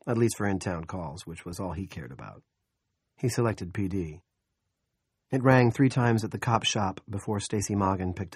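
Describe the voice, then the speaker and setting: A man narrating an audiobook in a steady, measured storytelling manner. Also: low voice, husky, no room sound, clean studio sound.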